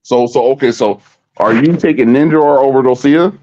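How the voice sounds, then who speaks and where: A man's voice: mid-range voice, normal speed, darkish tone. A man co-hosting a casual podcast, teasing and needling his partner with dry put-downs. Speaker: podcast co-host. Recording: dull lo-fi sound.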